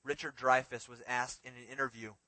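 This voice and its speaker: A man preaching a sermon in a dramatic way, swinging between emphatic, loud lines and hushed ones. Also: medium pitch, level tone, brisk, dry recording.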